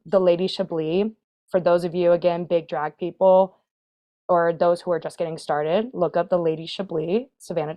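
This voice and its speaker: A woman's voice: lowish voice, a little mellow. A woman guest on a podcast, telling stories in a casual, chatty way and laughing often. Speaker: podcast guest, burlesque and drag performer. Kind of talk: casual storytelling chat.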